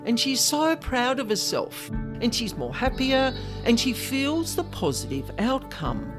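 A woman in her fifties talks through her advice in an earnest, chatty way. Her pitch swings widely as she goes, lifting and dropping through each point. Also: a little slow, music in the background. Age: 50s. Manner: earnest, animated, conversational. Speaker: spiritual advisor. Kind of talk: direct-to-camera advice talk.

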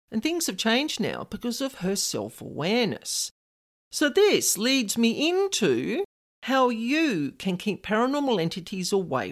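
A woman in her fifties talks through her advice in an earnest, chatty way. Her pitch swings widely as she goes, lifting and dropping through each point. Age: 50s. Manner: earnest, animated, conversational. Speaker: spiritual advisor. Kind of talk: direct-to-camera advice talk.

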